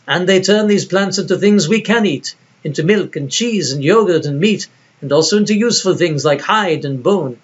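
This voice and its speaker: A man voicing a proud male Bedouin herder in a measured, stately accent from an old film, in a dull lo-fi recording. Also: sits high, lively intonation, slightly rough. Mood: lecturing.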